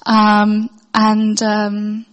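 A woman's voice: mid-range voice, completely flat delivery, drawn-out words, big-room sound, low-quality recording. A young woman sharing a heartfelt personal faith testimony, hesitant, with many fillers and restarts. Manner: earnest, heartfelt.

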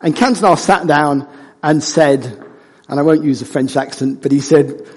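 Male preacher, husky and lively, high voice, long church-hall reverb. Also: moderate pace. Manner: animated and conversational, jokes with the congregation. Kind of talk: sermon.

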